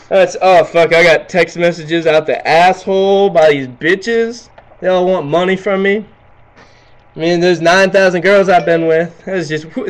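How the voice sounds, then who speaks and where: A young man doing a comic impression of a boastful, crude amateur rapper who swaggers and plugs himself. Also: high-pitched. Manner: swaggering, crude, self-promoting.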